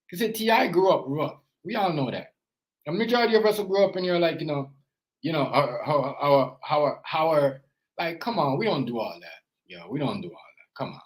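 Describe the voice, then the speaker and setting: A man's voice: mid-range voice, big pitch swings, moderate pace, rough recording. A man and father giving casual reaction commentary, rambling and earnest, filling his talk with "you know" and "as I said". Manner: earnest, lecturing tone about parenting. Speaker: parent and reaction vlogger.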